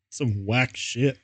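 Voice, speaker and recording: A man streaming a comic reading of fan fiction, animated and mock-exasperated. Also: medium pitch, husky, dry recording.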